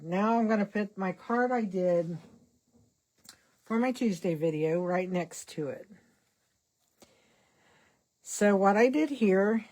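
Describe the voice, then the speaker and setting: A woman's voice: on the low side, darkish tone. An older woman hosting a casual card-making vlog, chatting in a rambling way with self-deprecating asides while she works. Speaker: card-making channel host. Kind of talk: casual crafting vlog chat.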